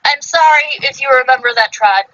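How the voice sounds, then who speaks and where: A woman hosting a casual livestream podcast, with a bright voice that sits a little high. She reads from her notes and trips over unfamiliar names. The audio is slightly muffled, with a faint hiss underneath. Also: brisk. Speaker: podcast host.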